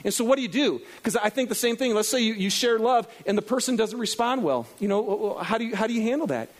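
A middle-aged man preaching a sermon to a congregation, animated and acting out his own inner dialogue. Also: high-pitched, quick pace. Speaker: pastor. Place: in front of a congregation.

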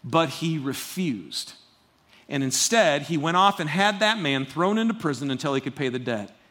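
A man's voice: a little high, expressive, normal speed, a bit bright. A man preaching a sermon as a pastor, conversational and emphatic, with frequent asides to the congregation.

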